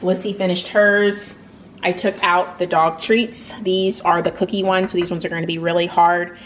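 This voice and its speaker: A woman's voice: normal speed, slight background noise. A young woman chatting casually to camera in a vlog about her dogs, talking about their care and routine. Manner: chatty, switches to high excited praise for the dogs. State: out of breath. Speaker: vlogger, dog owner.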